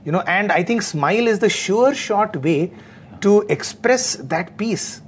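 A man talking earnestly in a spiritual discussion, often pausing with fillers. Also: high-pitched, lively intonation, slight background noise.

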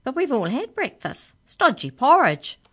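A woman voicing a big, gruff male dog who leads a pack, with a boisterous, booming, drawn-out manner for a children's story. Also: wildly swooping pitch, full character voice.

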